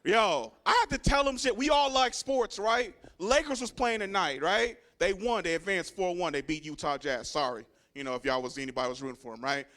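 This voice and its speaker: A young man from Richmond, California, performs crude, swaggering stand-up at a comedy club, addressing the audience head-on. He talks fairly quickly in a high, slightly bright voice, with few pauses.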